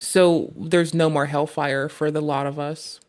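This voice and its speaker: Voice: medium pitch, level tone, a little slow. Rambling, profane streamer. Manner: rambling, profane, comic storytelling. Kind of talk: casual chat.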